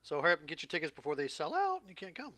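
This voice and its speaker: A man's voice: a little high, wildly swooping pitch, very fast, pushed and bright, dry recording. A man joining a podcast as a guest, talking about his event in a brash, crude, joking way. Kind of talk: casual chat.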